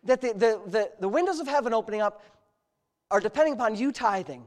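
A man preaching a sermon as pastor, moving between quiet storytelling asides and loud, fervent exclamations. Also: high voice, animated, quick pace. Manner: storytelling with humor.

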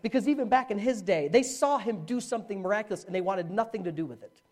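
A middle-aged male pastor delivering a sermon. His pitch leaps and falls with lively, animated energy as he tells a story. He drops to near whispers and then bursts out loud. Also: fast talker. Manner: animated storytelling, swinging from hushed to shouting.

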